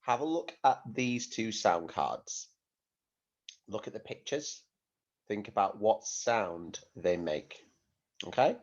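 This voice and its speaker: A British man teaching young children phonics, talking slowly and clearly and sounding out words in an encouraging way. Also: animated. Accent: British English. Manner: slow, clear and encouraging, sounding out words and leaping up in pitch on blended words. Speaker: primary school teacher. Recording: dull lo-fi home recording.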